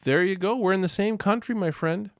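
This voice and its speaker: Gravelly-voiced Canadian man chatting live. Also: high voice, brisk, dry recording, clean studio sound. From Western Canada. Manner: rambling, chatty, laughs often. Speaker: livestream host. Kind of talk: casual live chat.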